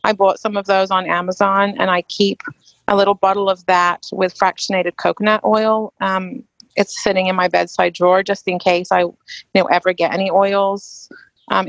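A woman's voice: medium pitch, dry recording, lo-fi sound. A woman from England with an East Anglian English accent, hosting a casual live question-and-answer chat, talking loosely with frequent ums and restarts. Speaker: host.

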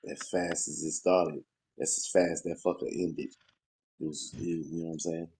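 A man's voice: low-pitched, little pitch movement, moderate pace, dark tone, slight background noise. A man co-hosting a casual podcast with a Southern US accent, answering in a laid-back, mumbly way. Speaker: podcast co-host. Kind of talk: casual chat.

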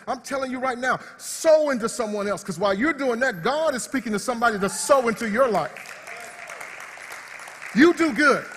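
A man preaching a sermon as pastor, swinging between loud praise and hushed, quiet asides. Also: very high-pitched, a little hiss or hum. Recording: long hall reverb.

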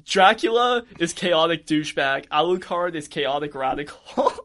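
A man co-hosting a casual podcast, recapping a cartoon with jokes and swearing. His voice sits a bit high and swings widely in pitch. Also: normal speed. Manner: animated, joking, profane. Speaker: podcast co-host. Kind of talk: casual chat, episode recap.

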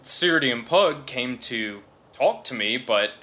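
A man voicing a calm adult male dwarf who keeps a mountain temple, talking in a measured, slightly puzzled way. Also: medium pitch.

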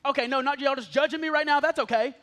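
A man's voice: extremely high pitch, steady tone, quick pace, pushed and bright. A young adult man, a pastor, preaching a sermon in a church, joking and talking straight to the congregation. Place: church stage before a live congregation.

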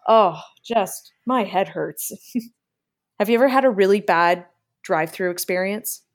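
A woman's voice: medium pitch, unhurried. Hesitant female podcast co-host. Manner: hesitant, stumbles over words. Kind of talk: casual chat.

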